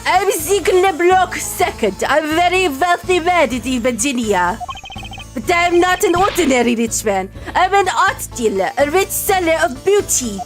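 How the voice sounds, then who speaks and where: A woman's voice: very high voice, lively intonation, moderate pace. A woman voicing a pompous, impatient wealthy male art dealer with a thick made-up foreign accent, over game music. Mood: haughty.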